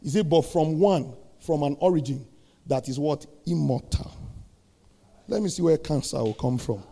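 Man, pastor, gravelly, high voice, dark tone, preaching, rising to shouts. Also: expressive, normal speed. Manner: preaching with call-and-response questions, building to shouted peaks. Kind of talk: sermon.

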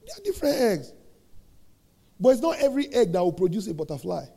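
A middle-aged man preaching a sermon, asking the congregation questions and building to shouted peaks. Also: high voice, big pitch swings, fast talker, creaky, breathy edge. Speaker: pastor.

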